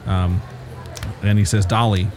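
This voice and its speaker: Low-voiced man narrating as game master. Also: a little fast, noisy background. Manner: relaxed, descriptive, many "uh" fillers.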